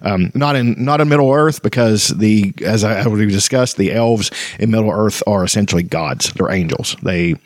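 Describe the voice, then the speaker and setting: A man's voice: lowish voice, moderate pace, few pauses, no echo. A man hosting a casual book chat, rambling with restarts and reading passages aloud. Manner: rambling, many fillers and restarts, reads quotes aloud. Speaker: book discussion host. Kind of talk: casual chat about fantasy books.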